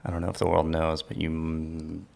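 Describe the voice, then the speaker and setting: A man's voice: rumbling low, completely flat delivery, moderate pace, gravelly, darkish tone. A man hosting a casual podcast chat, loose and joking as he rambles along. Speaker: podcast host.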